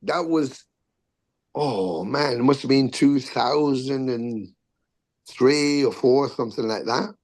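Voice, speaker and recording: A man's voice: mid-range voice, slow pace. Swearing storyteller, middle-aged man. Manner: animated storyteller, swears freely, acts out quotes. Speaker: podcast guest, musician and actor. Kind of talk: casual storytelling interview.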